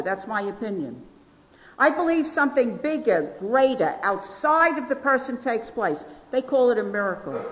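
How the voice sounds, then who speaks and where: A New woman with a fairly high voice tells her recovery story to a meeting. She leans hard on repeated words for emphasis. The recording is dull and lo-fi, with a long hall echo. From New York. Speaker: AA speaker.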